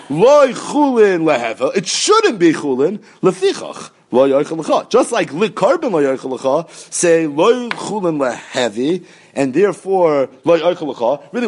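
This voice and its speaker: Teaching a Talmud class, a man with a Yeshivish English accent chants the text in an animated, sing-song study style, sprinkling in Yiddish and Hebrew terms. His voice is high and slightly rough.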